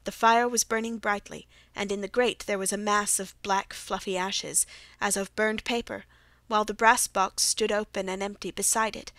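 A woman narrating a classic mystery audiobook in a measured, even storytelling manner. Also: mid-range voice, no room sound. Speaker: audiobook reader. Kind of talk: scripted narration.

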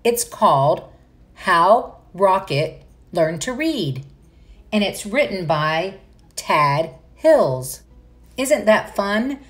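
Slow, lively woman reading a picture book. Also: medium pitch. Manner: warm, enthusiastic asides to young listeners. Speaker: read-aloud narrator. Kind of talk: children's book read-aloud.

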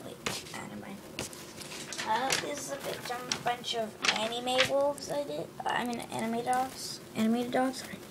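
A woman showing her drawings in a casual show-and-tell, hesitant, with lots of ums and quick self-corrections. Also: fairly high pitch, lively intonation, heavy background noise.

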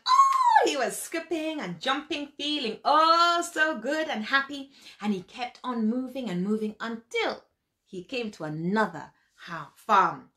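Slow, bright-voiced woman storyteller. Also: on the high side. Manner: animated, with sound effects and vivid emphasis. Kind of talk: expressive storytelling narration.

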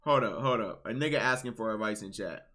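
Bright-voiced man, blunt streamer banter. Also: on the low side, fairly quick. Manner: blunt, swings between muttering and loud outbursts. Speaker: streamer reacting to posts. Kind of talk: casual reaction commentary.

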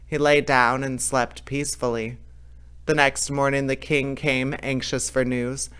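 Guy reading a fairy tale out loud, lively, little slips, smooth clear voice. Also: mid-range voice, measured pace. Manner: lively, with small slips and restarts. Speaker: storyteller.

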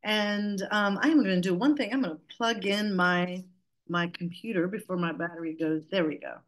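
A woman's voice: medium pitch, normal speed, fairly bright tone. A middle-aged woman with a Southern US accent from Georgia, presenting on a webinar over a video call in a chatty, playful, self-joking way. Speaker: guest speaker.

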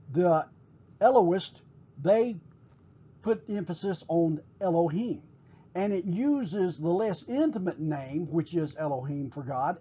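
A man teaching a recorded class, explaining at a measured pace with frequent pauses and fillers. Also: fairly high pitch, dark tone, breathy edge, dull audio.

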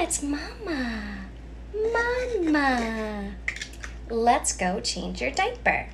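High sing-song woman talking to toddlers. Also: big pitch swings, slight background noise. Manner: slow, exaggerated, sing-song baby talk. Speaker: children's educator. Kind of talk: modeling speech for toddlers.

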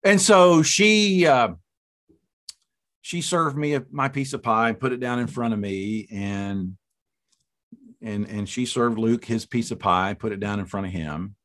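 A middle-aged man preaching as a guest speaker, telling a story with lively, laughing delivery. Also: mid-range voice, unhurried. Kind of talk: storytelling sermon.

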